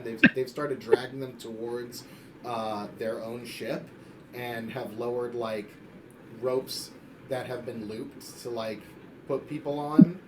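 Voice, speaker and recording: A man's voice: medium pitch, heavy background noise. A man running a tabletop game as game master, narrating with many fillers and hesitations.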